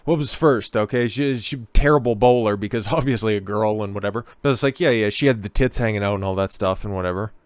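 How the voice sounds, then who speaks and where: A man's voice: lowish voice, quick pace, hardly any pauses, smooth, no echo. A man giving crude, profane, rambling commentary and stories, often tagging his sentences with "okay?". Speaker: online commentator. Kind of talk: ranting commentary and storytelling.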